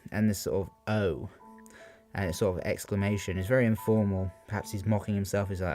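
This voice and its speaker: A man's voice: low voice, steady tone, moderate pace, a little mellow. A young man talking through a poem for revision, unscripted and hesitant, with many fillers. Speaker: student giving revision analysis. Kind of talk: unscripted spoken revision talk. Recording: faint guitar music behind.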